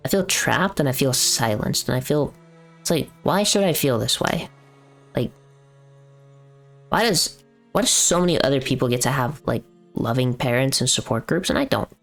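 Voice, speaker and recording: A man's voice: medium pitch, a little slow, creaky, long pauses, fairly bright tone, faint music behind. Rambling, profane young man streaming. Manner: rambling, profane venting with many fillers. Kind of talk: casual live-stream chat.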